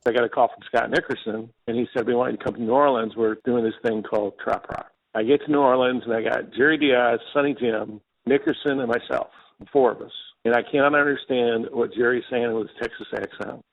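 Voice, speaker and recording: Man, interview guest, rambling anecdotes, gravelly voice, phone-line sound. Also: mid-range voice, steady tone, fairly quick. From Michigan. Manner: rambling anecdotes with quoted dialogue. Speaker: singer-songwriter guest. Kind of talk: interview storytelling.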